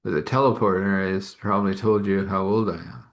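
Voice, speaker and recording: A man voicing an ancient, reclusive, ceremonial woman who replies slowly and softly, in a storytelling reading. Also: low-pitched, fairly even intonation. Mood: calm.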